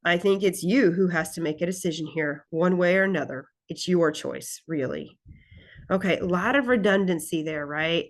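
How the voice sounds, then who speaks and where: A woman teaching a college English class, talking in a relaxed, conversational way and often checking in with "right?" and "okay?". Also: on the low side, normal speed. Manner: reads example lines aloud expressively. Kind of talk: recorded class lecture recap.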